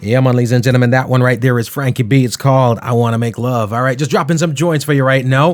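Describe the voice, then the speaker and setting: A man's voice: mid-range voice, steady tone, fast talker, hardly any pauses. Man hosting a chatty radio show. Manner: rambling, playful, shouts out listeners; repeats "you know what I mean" often. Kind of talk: casual live radio chat.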